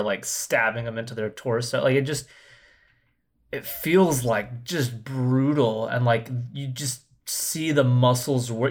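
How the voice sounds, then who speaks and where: A man co-hosting a podcast, chatting casually and eagerly. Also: medium pitch. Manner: eager, enthusiastic. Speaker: podcast co-host. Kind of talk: casual review chat.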